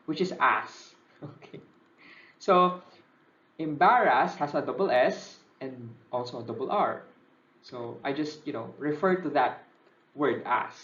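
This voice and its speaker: A young Filipino man lectures with a slightly high voice, mixing Tagalog into his English and pausing to ask "okay?". The recording sounds echoey and dull, as if taped in a bare room. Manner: Taglish code-switching, frequent "okay?" checks. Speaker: civil service exam reviewer.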